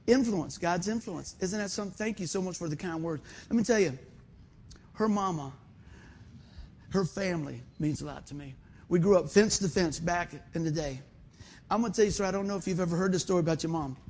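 A man preaching a sermon, telling stories in an animated way and often calling out "man" and "amen" to the congregation. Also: high voice, a little fast, slight background noise.

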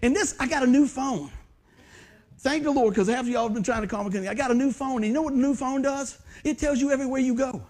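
A man's voice: extremely high pitch, quick pace. A male pastor telling funny stories in a sermon, acting out other people's voices and laughing often. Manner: animated, acts out quoted voices, laughs often. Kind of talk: storytelling sermon.

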